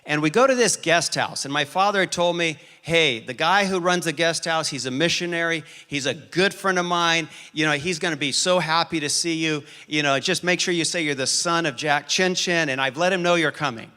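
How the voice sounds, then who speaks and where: Male pastor, fairly high and bright voice, lively storyteller in a sermon. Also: clear, resonant tone. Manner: animated storyteller, quick shifts in pace and loudness.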